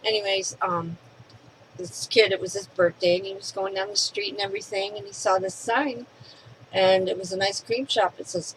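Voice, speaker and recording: A woman's voice: mid-range voice, steady tone, moderate pace, a little hiss or hum, low-quality recording. A woman, talking casually and opinionatedly to camera at home. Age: 50s. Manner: chatty, rambling, opinionated. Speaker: vlogger.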